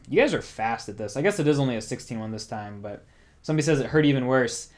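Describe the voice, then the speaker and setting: A man's voice: medium pitch, lively intonation, fast. A young man hosting a casual music livestream, rambling in a chatty way and reading out viewer comments. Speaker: music channel host.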